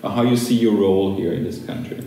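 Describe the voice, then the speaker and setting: A man interviewing a guest, halting and repeating words. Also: lowish voice, dark tone, heavy reverb, low-quality recording.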